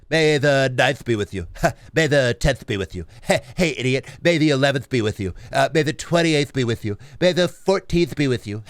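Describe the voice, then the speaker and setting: A man's voice: medium pitch, no echo, studio quality, voice pushed up, natural voice. A man doing a nasal, needling office coworker. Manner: repetitive, needling sing-song. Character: annoying grown male office coworker, smug.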